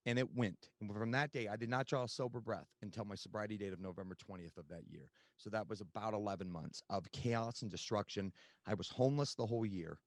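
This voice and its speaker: Male guest, low voice, dry close sound, candid storyteller full of ums. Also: fast talker, dry recording. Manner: candid, conversational storytelling with many fillers. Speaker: podcast guest. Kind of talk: personal recovery story.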